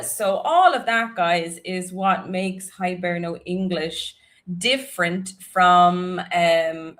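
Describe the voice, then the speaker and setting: A woman's voice: fairly low pitch, a bit bright. A woman with a North Dublin Irish accent, giving a chatty online English lesson and often checking in with her listeners. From Ireland. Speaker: English teacher.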